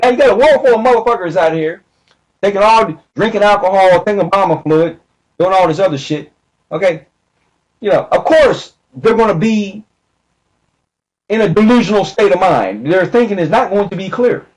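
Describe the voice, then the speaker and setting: A man delivering a profane, emphatic ranting monologue, jumping between slow stressed words and rushed bursts. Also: high voice, expressive, poor audio. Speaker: video commentator.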